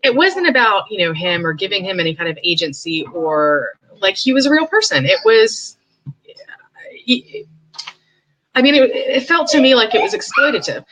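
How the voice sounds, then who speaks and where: A young woman speaking candidly and with firm opinions as a podcast host, mimicking other people in high, mocking voices. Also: big pitch swings, moderate pace, a bit bright, rough recording. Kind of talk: casual commentary.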